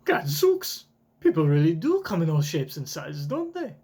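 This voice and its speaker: A man voicing an excitable older genius scientist in a wavering put-on accent while reading a comic aloud. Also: high voice, a little slow, full character voice. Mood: excited.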